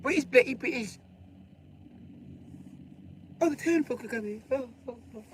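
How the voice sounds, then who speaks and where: A man's voice: very high-pitched, slow pace, a little hiss or hum, pitched above the performer's own voice. A man putting on the voice of a frantic medieval townsperson, pleading in alarm. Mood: panicked.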